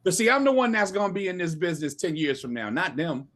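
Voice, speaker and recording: A middle-aged man coaching a group over a video call, his voice sitting a bit high for a man. He talks at a quick clip, emphatic and punchy, and he has them repeat his lines back to him. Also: very animated, a bit bright. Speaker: sales trainer. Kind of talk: motivational training talk.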